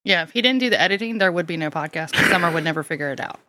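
Southern woman co-host, low-pitched and chatty, self-deprecating, dry close mic. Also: expressive, racing, bright, forceful tone, dry recording. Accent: Southern US (Mississippi). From Mississippi. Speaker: podcast co-host and storyteller. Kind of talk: casual chat.

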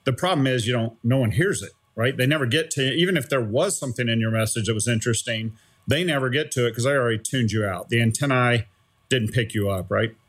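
Man, middle-aged, former startup CEO, animated storytelling, conversational interview, mid pitch. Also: fast, breathy edge. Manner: animated, keeps asking "right?".

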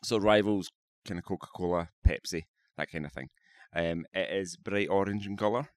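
A man's voice: sits low, fairly even intonation, a little fast, no echo, clean studio sound. A man chatting casually as a podcast co-host, joking dryly and laughing often. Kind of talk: casual chat. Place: convention hotel room.

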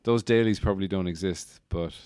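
A man's voice: low voice, brisk, darkish tone, no room sound. A man co-hosting a podcast, chatting casually about a film, laughing easily and swearing now and then. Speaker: podcast co-host.

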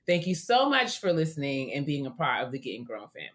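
Low-pitched woman cohost, reads listener notes, playful, says mm-hmm a lot. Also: very animated, fast. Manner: playful, affirming interjections. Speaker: podcast co-host. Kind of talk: casual chat, reading listener letters.

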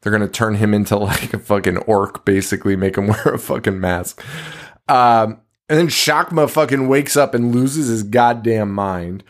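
A man with a somewhat low voice talks through a horror movie plot for a podcast. He swears freely, laughs often and slips into the characters' lines as he retells scenes. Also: normal speed. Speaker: podcast co-host. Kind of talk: casual movie recap chat.

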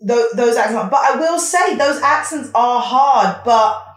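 A young woman with a London accent talks in an easy, chatty way, often breaking off and restarting her sentences. Her voice sits a little high. The room around her is echoey. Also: animated, a little slow. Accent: London English. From London, England. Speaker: podcast guest. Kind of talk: casual chat. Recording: roomy echo.

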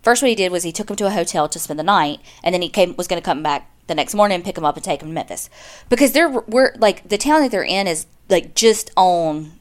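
A woman's voice: lowish voice, animated, quick pace. A woman, casually telling a true-crime story as a podcast co-host, chatty and full of "like.". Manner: chatty, lots of "like", acts out quotes.

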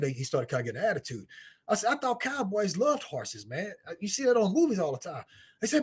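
A middle-aged man from St. Louis with a husky voice tells a story in casual talk, acting out the other people's lines in high voices and laughing often. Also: big pitch swings, fast talker. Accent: St. Louis, African American Vernacular English. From St. Louis, USA. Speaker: guest storyteller, martial artist.

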